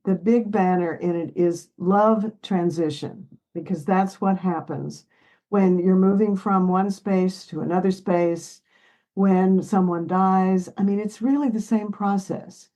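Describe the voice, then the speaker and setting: A woman's voice: mid-range voice, steady tone, a little slow, mellow, poor audio. A woman in her seventies, a therapist, speaking earnestly and with feeling in an interview, sometimes choking up and laughing. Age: 70s. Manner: earnest, emotional, laughs while telling family stories. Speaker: therapist guest. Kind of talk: reflective interview talk.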